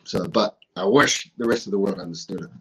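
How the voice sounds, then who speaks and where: Husky, low-voiced New man. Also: a little fast, low-quality recording. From New Zealand. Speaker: guest, professional wrestler. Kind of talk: casual interview talk.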